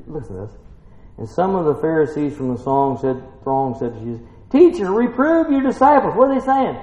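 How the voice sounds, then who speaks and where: A man preaching a sermon, swinging between quiet scripture reading and shouted excitement, calling out questions to his congregation. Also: medium pitch, reverberant, big-room sound, dull audio.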